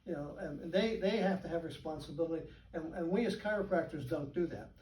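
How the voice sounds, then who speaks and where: Older male speaker, raised pitch, distant mic in a reverberant room, chatty storyteller. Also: fairly quick. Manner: storytelling, chuckling, animated. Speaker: guest speaker. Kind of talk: informal talk to colleagues. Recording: echoey room, from far off.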